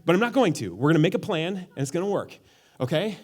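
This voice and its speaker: Lively young man preaching with playful energy. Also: a little high, a little fast. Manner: playful, animated, acts out quotes in funny voices. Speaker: pastor. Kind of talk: sermon. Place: church auditorium.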